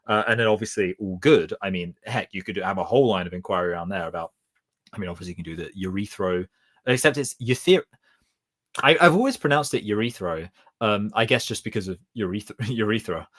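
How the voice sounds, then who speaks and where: Man, Southeast English accent, fairly low voice, rambling live-stream commentary, chatty and quick to laugh. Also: animated, fairly bright tone. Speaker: streamer reacting to a debate video.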